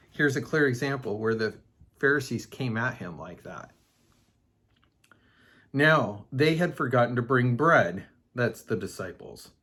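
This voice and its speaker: A man with a mid-range, fairly bright voice hosts a casual Bible study podcast. He explains a passage loosely, full of fillers and asides.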